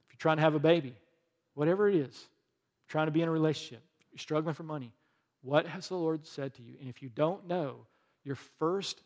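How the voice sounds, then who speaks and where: A man's voice: a little high, fairly quick, long reverb tail. A middle-aged male pastor preaching a conversational sermon, telling a personal story and leading a closing prayer.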